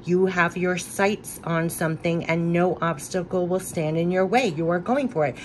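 A woman's voice: fairly low pitch, moderate pace, darkish tone, a little hiss or hum. A woman giving a spiritual card reading, speaking in an effusive, emphatic way and repeating affirmations again and again. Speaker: tarot card reader.

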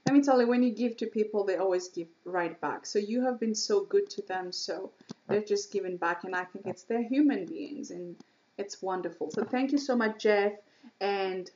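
A woman from Kenya commenting gently on a video, soft and sympathetic as she reassures the person in it. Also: mid-range voice, normal speed, highs cut off. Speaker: vlog host reacting to a video. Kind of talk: casual reaction commentary.

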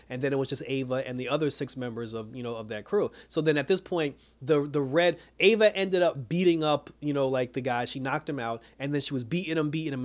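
Fast-talking, animated man recapping a show. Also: mid-range voice. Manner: animated, laughs often, acts out characters' lines. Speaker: show reviewer. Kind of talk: casual recap and commentary.

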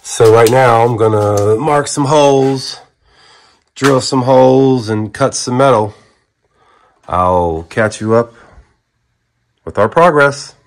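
A man's voice: mid-range voice, slow, pauses often. A man narrating his truck project in a casual DIY video, with a folksy showman greeting and running commentary on the work. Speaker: truck vlogger.

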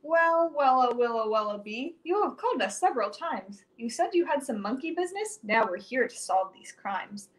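A woman's voice: high-pitched, lively intonation, normal speed, hardly any pauses, voice pushed down. A woman voicing a stern, officious woman police inspector in a storybook read-aloud, asking pointed questions. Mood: businesslike.

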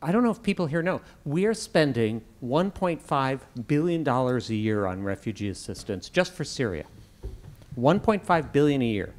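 A man's voice: mid-range voice, very animated, normal speed. A man speaking at a public policy debate in a mid-range voice. He drives home his points emphatically, often repeating a phrase to give it weight. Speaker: debate panelist, former ambassador.

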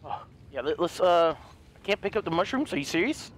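Man, high voice, swoops all over, excitable let's play commentary, yelps and curses, talks to viewers. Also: brisk, a little hiss or hum. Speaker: gaming youtuber.

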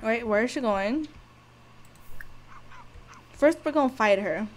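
A woman giving casual gameplay commentary, cursing and shouting at the game and speaking to viewers in slangy talk. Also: on the high side, expressive, slow. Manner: profane, loud outbursts at the game; slangy, talks to viewers directly. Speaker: gameplay video host.

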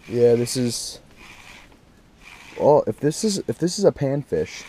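A young man vlogging outdoors on a frozen lake, casually talking to his viewers and getting excited. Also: medium pitch, slow pace, long pauses, noisy background. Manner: excitable, talks straight to viewers. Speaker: fishing vlogger. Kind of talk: casual vlog commentary.

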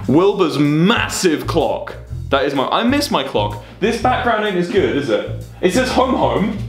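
Young man, lively, sweary reaction chat. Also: fairly high pitch, a little slow, echoey room, faint music behind. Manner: swearing, laughing, mock-indignant banter. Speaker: streamer reacting to fan memes. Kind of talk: casual reaction commentary.

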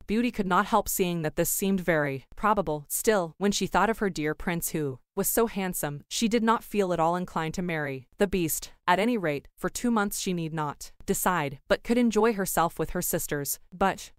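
A woman narrating a classic fairy tale in a calm, measured reading for English learners. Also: lowish voice, clean tone, no room sound, studio quality.

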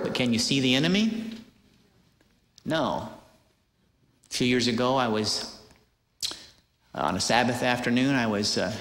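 A man preaching a sermon, telling a story in an animated way with many hesitant fillers. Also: medium pitch. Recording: echoey hall with long reverb.

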